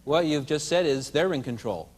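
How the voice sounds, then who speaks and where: A man's voice: on the high side, expressive, moderate pace, darkish tone, husky. A man training teachers in a live seminar, playful and drawing the adult audience into call-and-response. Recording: long hall reverb.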